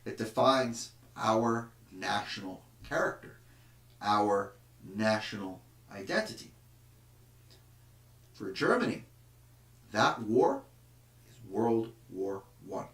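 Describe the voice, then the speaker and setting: A man's voice: lowish voice, animated, slow, long pauses, a bit bright. A man teaching a history lesson. He is emphatic and at times takes on the rousing tone of a nationalist orator. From United States. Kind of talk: classroom lecture. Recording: echoey room, mic at a distance.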